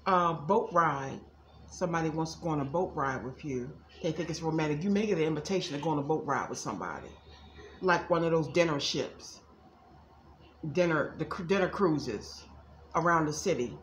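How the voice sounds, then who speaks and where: A woman's voice: low voice, expressive, moderate pace, roomy sound, a little hiss or hum. A woman giving casual psychic readings to viewers, chatty and folksy, calling them y'all. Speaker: psychic reader.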